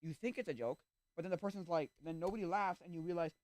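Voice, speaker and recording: A man streaming and chatting casually, animated and easily exasperated, acting out little reactions. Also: fairly high pitch, fast talker. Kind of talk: casual chat.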